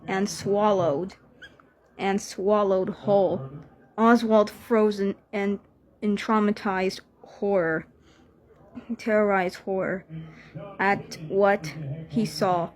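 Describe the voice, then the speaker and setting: A woman narrating an amateur fan story in a halting way, correcting herself as she goes. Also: medium pitch, a little mellow. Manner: halting, self-correcting reading.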